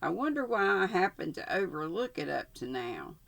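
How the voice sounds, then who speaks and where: A woman reading aloud as a soft-spoken, cold-blooded young outlaw man with a mild drawl. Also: lowish voice, sing-song, moderate pace, creaky, full character voice. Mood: grim.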